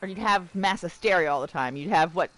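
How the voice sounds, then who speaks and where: A woman's voice: lowish voice, a little fast, low-quality recording. A woman live streaming a game, chatting casually, reading text aloud and riffing with jokes for her viewers. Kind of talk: casual livestream chat while gaming.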